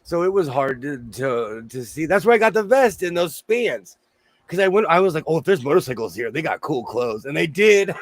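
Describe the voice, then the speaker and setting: A man hosting a casual chat, telling stories loudly while his voice is going hoarse. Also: on the high side, moderate pace, no room sound. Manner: loud, animated storyteller. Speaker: host. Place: home sewing room.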